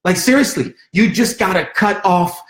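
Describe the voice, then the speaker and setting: A man's voice: high-pitched, moderate pace. A man in his thirties co-hosting a relationship talk show, giving emphatic, sermon-like advice straight to his listeners and repeating his key points. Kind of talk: preaching-style relationship talk. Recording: echoey room.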